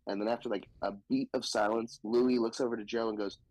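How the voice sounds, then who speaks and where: A man from the Southern United States, a stand-up comedian telling stories in a casual podcast chat, animated and profane, slipping into quoted voices. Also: mid-range voice, a little fast, no room sound, poor audio.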